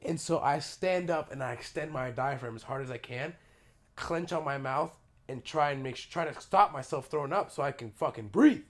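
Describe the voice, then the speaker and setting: A man on a podcast tells a story in a loose, animated way, swearing as he goes. His throat is sore, and his voice sits a little high for a man. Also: normal speed. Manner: animated storyteller, swears freely, laughs through the telling. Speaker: podcast host. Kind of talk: casual chat.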